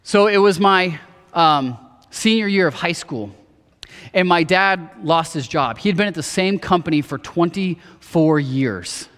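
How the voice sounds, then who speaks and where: Brief: male pastor, 30s, slightly high voice, earnest storytelling sermon, big reverberant church hall. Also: expressive, a little slow. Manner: earnest personal storytelling, drops soft for quotes. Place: church auditorium.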